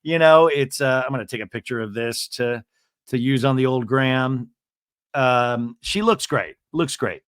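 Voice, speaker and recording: A man's voice: mid-range voice, a little slow, clear, resonant tone, no echo, studio quality. A man hosting a podcast, recapping a TV episode in a casual, chatty, comedic way with lots of asides. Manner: animated, chatty, full of "like" and asides. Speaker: podcast host.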